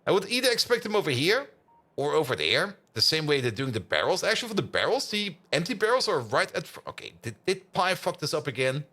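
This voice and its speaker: A man's voice: fairly high pitch, very animated, quick pace, sharp tone. A man streaming a game, chatting casually, teasing his bot and laughing often. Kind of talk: casual gaming commentary.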